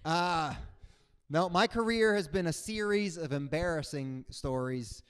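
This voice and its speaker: A man doing a stand-up comedy set on stage, animated and acting out other people's voices. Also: a little high, measured pace, clean tone. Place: on stage before a live audience.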